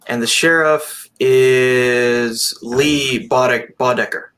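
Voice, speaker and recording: A man co-hosting a casual movie review chat, rambling and animated, swearing now and then. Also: medium pitch, takes it slowly. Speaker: podcast co-host.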